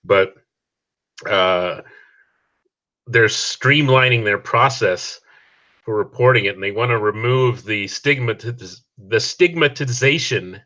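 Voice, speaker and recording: Bright-voiced man in laid-back chat. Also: medium pitch. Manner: relaxed, summarizing news. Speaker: guest co-host. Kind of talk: casual livestream chat.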